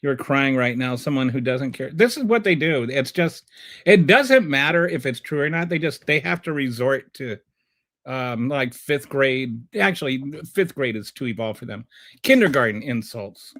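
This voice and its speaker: A man's voice: medium pitch, moderate pace, a bit bright. A man hosting a livestream who gives political commentary and answers live chat in a sarcastic, combative way, often rambling and restarting. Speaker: livestream show host.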